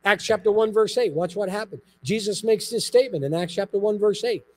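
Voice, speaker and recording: A man, a pastor, preaching a sermon in a church, telling stories with lively emphasis and repeated phrases. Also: sits high, fairly quick. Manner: animated storytelling with emphatic repetition.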